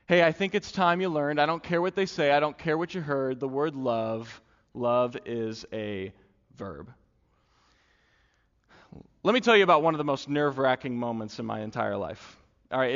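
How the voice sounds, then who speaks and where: A man's voice: a little high, fairly bright tone. A young man preaching a sermon, telling a personal story in an earnest, conversational way with lots of fillers. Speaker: pastor. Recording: dull sound with long hall reverb.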